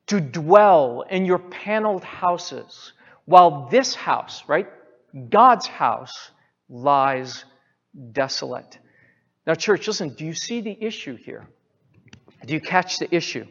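Guy preaching slow and high, big echoey church hall, kinda muffled. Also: lively intonation, vocal fry. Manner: emphatic preaching, repeats phrases, addresses the church directly. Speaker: pastor. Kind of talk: sermon. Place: church sanctuary. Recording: reverberant hall, muffled sound.

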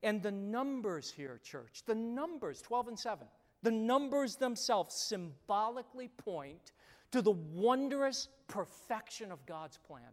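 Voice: medium pitch, lively intonation, unhurried. A pastor preaching a sermon, speaking emphatically and addressing the congregation directly, with lots of repetition. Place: church sanctuary. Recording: long reverb of a large church hall.

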